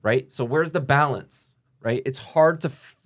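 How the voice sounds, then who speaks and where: A man in a casual podcast chat, asking questions in a relaxed way. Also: mid-range voice, unhurried.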